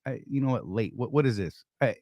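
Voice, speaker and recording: A man's voice: medium pitch, expressive, brisk, dark tone, no room sound. Joking older man with a dry sound. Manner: joking, teasing, greets viewers by name. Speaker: live stream co-host. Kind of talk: casual live stream chat.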